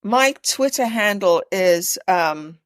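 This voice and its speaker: A woman's voice: medium pitch, expressive, slow, clear, resonant tone, no echo. A woman, an executive coach, asking questions on a video call and thinking aloud, hesitant and self-correcting.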